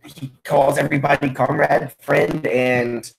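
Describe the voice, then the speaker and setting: A man's voice: a little high, fairly even intonation, measured pace, gravelly, low-quality recording. A man, a player in the game, chatting casually and agreeing in short bursts. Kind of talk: casual podcast chat.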